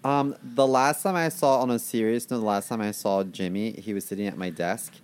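A man's voice: fairly low pitch, steady tone, brisk, clean tone. A man co-hosting a comedy podcast, with dry, self-mocking humor. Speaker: podcast co-host. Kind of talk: comedic casual chat.

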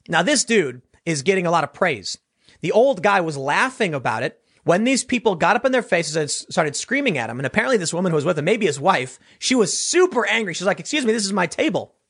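A man doing solo political commentary, animated and rambling, often restarting his sentences. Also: on the high side.

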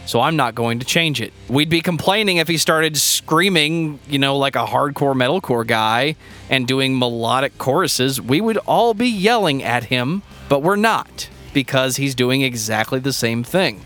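A man's voice: mid-range voice, a little slow, fairly bright tone. Sarcastic co-host, a man with a medium voice and a blunt, sweary way of talking, faint music in the background. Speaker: podcast co-host. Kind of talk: casual chat.

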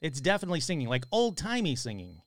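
Excitable man with a lively, high-ish voice. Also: fast, noisy background. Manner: excitable, swears freely, reacts with loud exclamations. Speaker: live-stream host reading listener stories. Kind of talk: casual live-stream reading and reacting.

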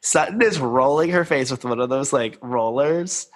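A man co-hosting a casual podcast, recapping reality TV in an animated way and often laughing. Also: mid-range voice, moderate pace. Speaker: podcast co-host.

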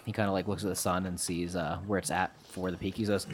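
Game master, male, low-leaning voice, loose and profane storyteller. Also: little pitch movement, quick pace, hardly any pauses, a little hiss or hum. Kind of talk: casual tabletop narration.

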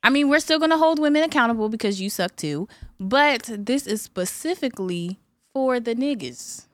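A woman hosting a podcast, chatting casually in an animated, upbeat way. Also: fairly high pitch, normal speed, no room sound. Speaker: podcast host. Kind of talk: casual chat.

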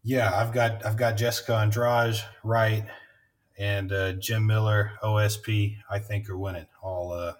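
A man's voice: fairly low pitch, level tone, measured pace, recorded from a distance. A man hosting a podcast, chatting casually and rambling, swearing often and laughing. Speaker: podcast host. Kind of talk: casual chat.

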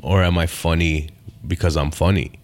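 A man's voice: low-pitched, steady tone, moderate pace. A man, a stand-up comedian and podcast guest, talks laid-back in casual chat, swearing freely and repeating phrases. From Canada.

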